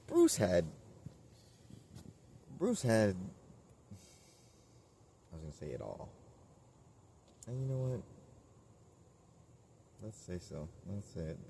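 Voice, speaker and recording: A man's voice: deep voice, dark tone, slight background noise. A man talking casually to camera outdoors, rambling through tangents with frequent restarts and laughs. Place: outdoors at a tent camp.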